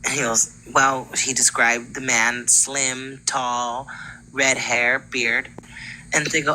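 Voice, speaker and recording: A woman's voice: a bass voice, little pitch movement, slow pace, bright, forceful tone, slight background noise, rough recording. A woman in her twenties from California, a caller on a live show telling a ghost story in a chatty way and acting out the people in it. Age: 20s. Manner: chatty, acts out quoted dialogue. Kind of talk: casual storytelling.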